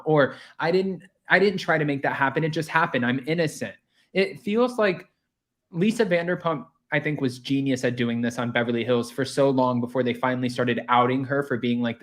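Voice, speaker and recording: A man chatting as a guest, sharing reasoned opinions on a reality show. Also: on the high side. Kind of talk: casual chat.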